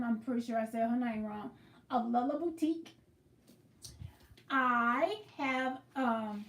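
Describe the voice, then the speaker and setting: A woman's voice: sits high, darkish tone, echoey room, distant mic. A woman hosting a casual livestream, chatting and greeting viewers by name as she explains her quilting. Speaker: livestream host.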